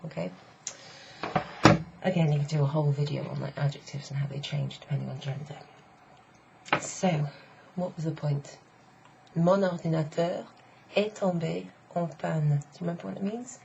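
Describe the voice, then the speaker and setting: A middle-aged woman teaching a casual online French lesson, chatty and explaining step by step while repeating phrases slowly. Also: low-pitched, creaky, mellow. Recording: slightly dull lo-fi sound with faint noise.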